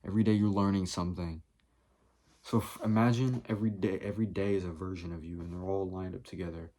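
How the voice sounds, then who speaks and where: A man's voice: low voice, fairly even intonation, fast, dark tone. A man vlogging in a rambling comedic monologue, profane and jumping from topic to topic.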